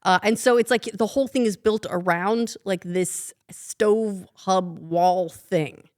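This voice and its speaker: A woman with an American accent co-hosting a podcast, chatting quickly and playfully. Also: mid-range voice, a little mellow. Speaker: podcast co-host. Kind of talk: casual chat.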